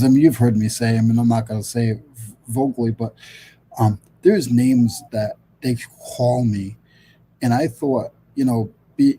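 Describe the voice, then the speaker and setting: A man's voice: medium pitch, mellow, slight background noise, poor audio. A middle-aged man from Rhode Island hosting a casual livestream chat over a video call, rambling with lots of fillers and restarts. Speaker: host.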